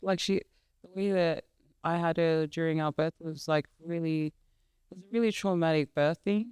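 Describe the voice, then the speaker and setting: A young woman with a very smooth, clean voice, talking as a guest in a casual podcast conversation. She speaks haltingly, with many fillers and restarts. The sound is dry and close. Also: low-pitched, steady tone, a little mellow, dry recording. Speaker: guest, mother of three.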